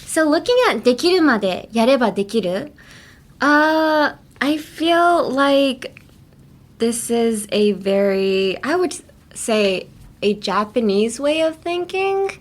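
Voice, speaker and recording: A young adult woman hosting a casual English lesson podcast, chatty and laughing often as she slowly models phrases. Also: on the high side, lively intonation. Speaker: English teacher host.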